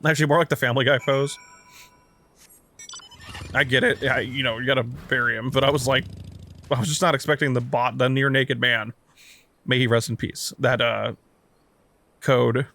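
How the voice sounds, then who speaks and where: A man's voice: mid-range voice, fairly even intonation, normal speed, creaky, long pauses, pushed and bright, dry recording. A tired man casually commenting on a game, swearing, joking and rambling in asides. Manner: profane, jokey, rambling asides. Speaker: gaming channel host. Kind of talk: casual let's play commentary.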